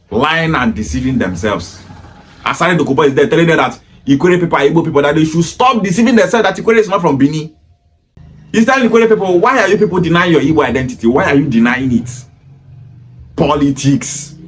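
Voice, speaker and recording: A Nigerian man with a Pidgin-inflected English accent, delivering an emphatic, repetitive opinion monologue in a lecturing tone. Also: a little high. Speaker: commentator.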